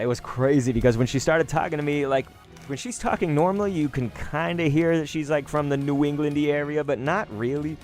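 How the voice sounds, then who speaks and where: A man casually rambling through a story, full of "like" and offhand cursing. His pitch sits in an ordinary middle range, and he swings between quiet asides and livelier bursts, with faint music under him. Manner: rambling, chatty, swears casually, lots of "like". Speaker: YouTube card-opening host.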